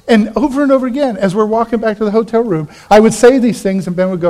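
Higher-voiced man preaching conversationally. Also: fast, few pauses, dark tone. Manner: conversational storytelling, quotes friends in a low voice. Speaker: pastor. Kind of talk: sermon with personal story.

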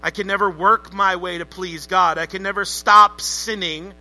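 A pastor preaching a sermon in a church service, emphatic and calling on the congregation to repeat words back to him. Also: male voice, sits high, steady tone, normal speed, bright, forceful tone, rough recording.

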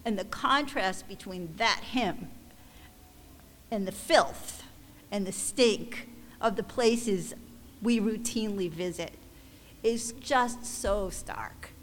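Woman, ministry leader, emotional testimony to supporters, slow and halting, recorded in a big echoing hall. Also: medium pitch, animated. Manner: halting and emotional, with many restarts. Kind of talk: heartfelt church testimony. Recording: long hall reverb, faint background noise.

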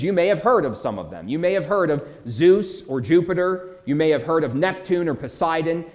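A man's voice: fairly high pitch, darkish tone. A man preaching a sermon, earnest and emphatic, explaining scripture verse by verse and answering questions he imagines his listeners asking.

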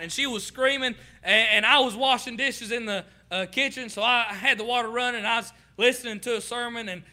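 A man's voice: very high-pitched, pushed and bright. A young man preaching a sermon, telling folksy stories with fillers and repeated words. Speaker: pastor.

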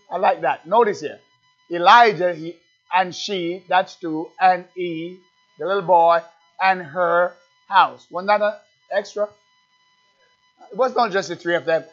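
A man preaches a sermon in call-and-response style, calling out questions and answering them in rising refrains that build to loud peaks. His high voice is steady, a little slow and full of pauses, heard through a dull lo-fi recording with faint music.

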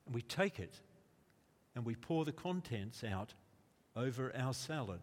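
A man preaching a sermon in a slow, deliberate way, rising to emphatic quotes. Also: mid-range voice, expressive. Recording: long reverb of a large hall.

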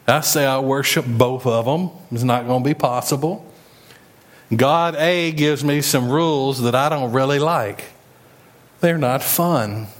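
A man's voice: mid-range voice, a little slow. A man preaching a sermon in a folksy, emphatic way. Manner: folksy, emphatic preaching with rising and falling delivery. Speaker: pastor.

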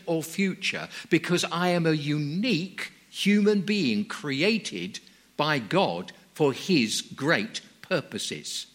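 Preacher guy, slow and earnest, voice goes up and down a lot, kinda high. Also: a bit bright. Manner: earnest, measured storytelling with emphatic rises. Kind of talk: sermon.

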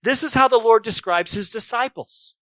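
A man's voice: very high-pitched, moderate pace, a bit bright, dry recording. A man preaching a sermon emphatically, often posing rhetorical questions to his listeners.

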